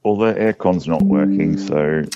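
A man's voice: extremely low pitch, unhurried, lo-fi sound, background noise. A man from Australia chatting on a podcast with dry, laid-back humour. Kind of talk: casual chat.

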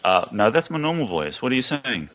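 A man's voice: medium pitch, big pitch swings, brisk, a bit bright, highs cut off. A man calling into a comedy podcast, playful and teasing, with a purring voice. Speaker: podcast guest caller. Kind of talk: casual comedy podcast chat.

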